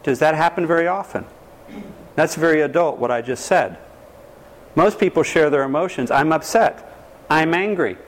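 A lively man lecturing as a counselor on a fairly high voice. He keeps turning questions on his audience and slips into voices of the people he quotes. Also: normal speed, pauses often. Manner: animated, acts out quoted voices, quizzes the audience.

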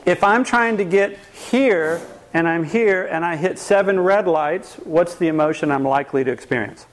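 A man's voice: high-pitched, normal speed, a little hiss or hum. A man giving a live talk on anger to an audience, asking them questions and acting out what people say. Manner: lively, asks the audience questions, acts out quoted voices. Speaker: speaker teaching a workshop on anger.

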